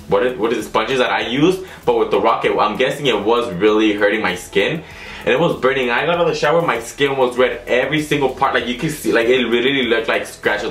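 Young male vlogger, lowish voice, rambling and chatty, echoey room. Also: a bit bright. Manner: rambling, chatty, lots of fillers and restarts. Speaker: YouTube vlogger. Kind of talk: casual storytelling vlog.

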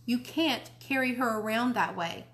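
A frazzled mother of three, urgent and quick to scold, from a read-aloud storybook, as a woman reader voices her. She sounds a little raised above the reader's own voice. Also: a little high, a bit bright, natural voice.

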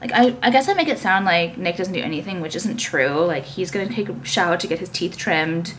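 A woman's voice: lowish voice, lively intonation, brisk, a bit bright, a little hiss or hum. A young woman talking casually to camera, ranting with many fillers and swearing. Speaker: vlogger and business owner.

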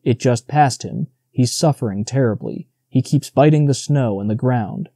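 A man's voice: mid-range voice, moderate pace, vocal fry, warm tone, no echo, studio quality. A man voicing a limping male deer who speaks in a subdued, evasive way in an audiobook. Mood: grim.

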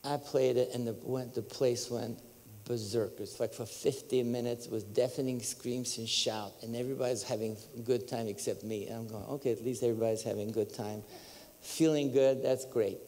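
A man with a Bulgarian accent telling his testimony as a preacher, animated and storytelling, breaking into high exclamations and laughter. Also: moderate pace, long reverb tail. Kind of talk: testimony sermon. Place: large church hall.

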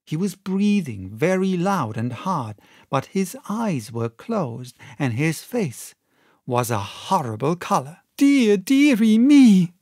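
Male audiobook reader, slow and measured, expressive, dry close sound. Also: on the high side, breathy edge, no echo. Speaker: audiobook narrator. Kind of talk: audiobook reading of a classic novel.

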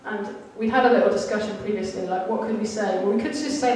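A woman's voice: mid-range voice, fairly quick, few pauses, a little mellow, a little hiss or hum. A woman giving a sermon, telling a candid, self-deprecating story about her childhood. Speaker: church speaker. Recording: echoey hall, mic at a distance.

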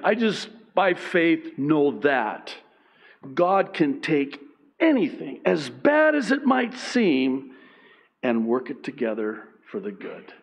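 Animated, self-deprecating male pastor. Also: on the high side, slow pace, vocal fry, muffled recording. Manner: animated, self-deprecating, laughs often, acts out voices. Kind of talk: sermon.

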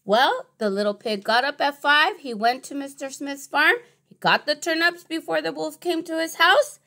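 A woman teacher reading a children's storybook aloud, expressive and asking little questions along the way. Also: high-pitched, moderate pace. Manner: expressive, gasping with surprise, asks questions.

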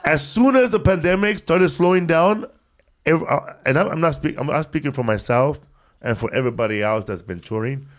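A man's voice: a little high, fairly quick. A man hosting a podcast in casual chat, loose and laid-back, tossing in "man" and "bro". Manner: loose, laid-back, sprinkles 'man' and 'bro'. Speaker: podcast host.

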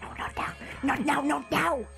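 A woman streamer chatting loudly and excitably with her viewers, swearing often, with music playing behind. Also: high voice, normal speed, creaky. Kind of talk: casual livestream chat.

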